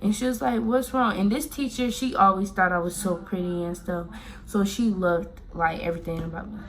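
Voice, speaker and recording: A woman's voice: on the low side, brisk. A woman from Miami telling a personal story in a casual, rambling way, full of fillers and restarts. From Miami, Florida.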